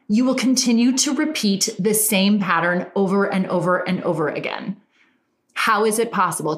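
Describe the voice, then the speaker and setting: A woman with a Californian Valley Girl accent talks straight to her audience as a coach. She is earnest and enthusiastic, stressing her words and sharing openly from her own life. Her medium-pitched voice carries a noticeable room echo. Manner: earnest, enthusiastic and self-revealing. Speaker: dating and business coach. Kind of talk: motivational solo talk to viewers.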